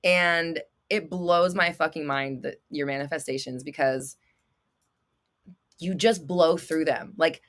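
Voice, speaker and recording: A young woman hosting a casual livestream, reading viewer comments and coaching them in a blunt, excitable way, swearing freely and laughing often. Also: low-pitched, slow. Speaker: manifestation coach and livestream host.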